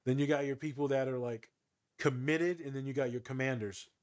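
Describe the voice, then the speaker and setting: A man co-hosting a podcast in casual chat, animated and joking with sarcastic asides. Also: mid-range voice, brisk, clear, resonant tone. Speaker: podcast co-host.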